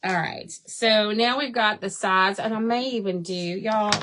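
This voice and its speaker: A woman's voice: mid-range voice, unhurried, background noise. A woman hosting a craft livestream, chatting casually, laughing often and answering viewers by name. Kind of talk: casual live chat while crafting.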